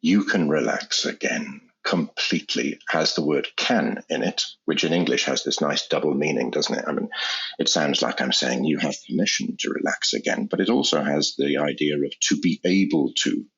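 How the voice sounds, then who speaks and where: A man speaking as an anesthesiologist guest in an interview, explaining in a measured way and often repeating words as he restarts. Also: rumbling low, a bit bright, breathy edge. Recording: dull lo-fi sound.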